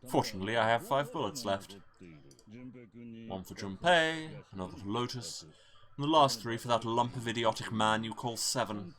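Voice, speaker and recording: A man voicing a calm, gloating older male villain, speaking softly and slowly with menace. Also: medium pitch, close to an everyday voice. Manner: soft, slow, menacing.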